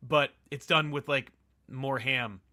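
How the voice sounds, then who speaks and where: A man's voice: mid-range voice, takes it slowly. A man co-hosting a casual movie podcast, joking and mimicking people as he talks. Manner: animated, jokey, mimics people. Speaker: podcast co-host.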